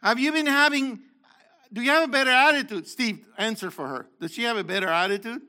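This older preacher keeps his sermon interactive, posing questions to the crowd and singling people out, shifting between booming exhortation and hushed remarks. The voice is very high-pitched and brisk.

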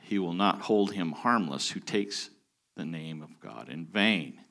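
A man teaching from the Bible with emphatic, deliberate delivery, stressing key words and pausing for effect. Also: low-pitched, lively intonation, vocal fry, pushed and bright.

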